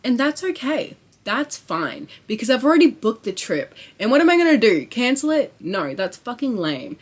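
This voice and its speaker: A young woman chatting to camera in a casual vlog, excitable and rambling, with lots of swearing and filler words. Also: on the high side, moderate pace. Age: young adult. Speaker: vlogger.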